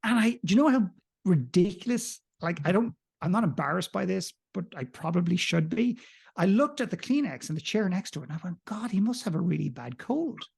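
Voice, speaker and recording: A man, a podcast guest, telling a candid personal story in an animated, self-mocking way with some profanity. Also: high-pitched, brisk, creaky, husky.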